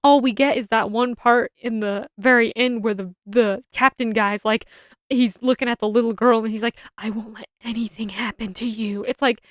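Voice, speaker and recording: A woman's voice: fairly high pitch, steady tone, moderate pace, smooth, no room sound, clean studio sound. A young adult woman giving a casual, opinionated film review, rambling and often restarting her sentences.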